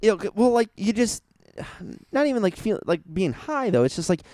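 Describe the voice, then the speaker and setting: A man's voice: high-pitched, big pitch swings, moderate pace, mellow, no room sound, clean studio sound. A young man co-hosting a podcast, talking casually and rambling, swearing and laughing often. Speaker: podcast co-host.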